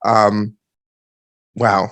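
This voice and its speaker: A man's voice: fairly low pitch, completely flat delivery, drawn-out words, fairly bright tone, dry recording. A man co-hosting a podcast in casual chat, wry and teasing in his remarks. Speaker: podcast co-host.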